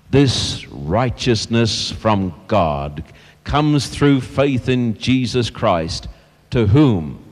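A man's voice: lowish voice, darkish tone, big-room sound. A man preaching an evangelistic sermon to a live audience, emphatic and calling on listeners to answer aloud. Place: church hall with a blackboard and a live audience.

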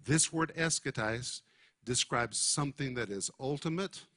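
A man preaching a Bible teaching at a steady middle pitch. He leans hard on key words and slows down to drive each point home. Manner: emphatic, deliberate teaching with stressed key words. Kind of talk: sermon.

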